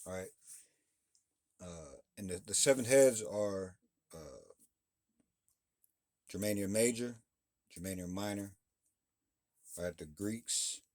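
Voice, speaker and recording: A man's voice: low-pitched, a little mellow, dry recording, studio quality. A man leading a Bible study, reading scripture aloud and explaining it loosely, with frequent restarts and check-ins like "all right?" and "okay?". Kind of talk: Bible class teaching.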